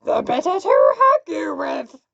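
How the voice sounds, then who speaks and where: A woman doing a loud, scratchy big bad wolf. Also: high-pitched, very animated, measured pace, vocal fry, no room sound, highs cut off, voice pushed up, exaggerated voice. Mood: sly menace. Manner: growling, loud and menacing. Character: big bad male wolf, sly and hungry.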